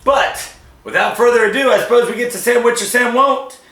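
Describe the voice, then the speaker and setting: A man hosting a casual food-tasting show, joking and reacting in a drawn-out, animated way. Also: extremely high pitch, vocal fry, a little hiss or hum. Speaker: show host. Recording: echoey room.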